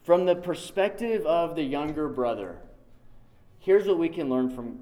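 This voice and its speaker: A man's voice: fairly high pitch, animated, unhurried, dark tone. A man preaching a sermon, emphatic and conversational, repeating key lines for weight. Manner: conversational, dotted with "like".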